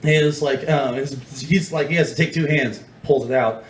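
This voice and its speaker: A man's voice: medium pitch, moderate pace, a little hiss or hum. A young man doing nervous, rambling stand-up comedy at an open mic, acting out voices in his stories. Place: small club open mic, live room. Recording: echoey room with faint ambience.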